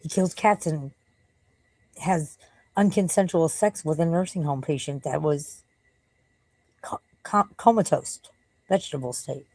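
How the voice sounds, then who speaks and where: Low-voiced, profane, tired woman streamer. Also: measured pace, pauses often, darkish tone, no room sound, poor audio. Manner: rambling and profane, breaks off to scold and coo at her dog. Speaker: live streamer. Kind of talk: casual late-night live stream chat.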